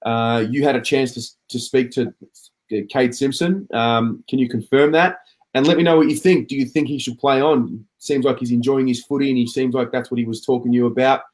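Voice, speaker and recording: A man's voice: mid-range voice, steady tone, fairly quick, a little mellow. A man hosting a casual footy chat show, reading out viewer comments and chatting along. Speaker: podcast host reading comments.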